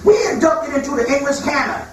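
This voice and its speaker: A man in a rambling spoken lecture with a fairly high voice, heard from a distance. He talks emphatically and profanely, slipping into mocking asides. The room is strongly echoey, with a faint hum behind him. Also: fairly even intonation, fast, fairly bright tone. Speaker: spiritual lecturer. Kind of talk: freewheeling lecture. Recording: echoey hall, far from mic.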